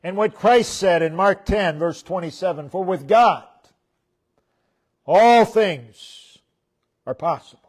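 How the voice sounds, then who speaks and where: A man preaching slowly from the pulpit in a fairly high voice. He hammers on repeated phrases and lets each line sink to a quiet close. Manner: emphatic, repeats phrases, lets line endings drop low and soft. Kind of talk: sermon. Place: church.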